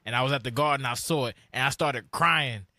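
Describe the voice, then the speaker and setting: A man in his late thirties from New York, co-hosting a podcast in casual chat with animated storytelling. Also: mid-range voice, brisk, dry recording, studio quality. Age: late 30s. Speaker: podcast co-host.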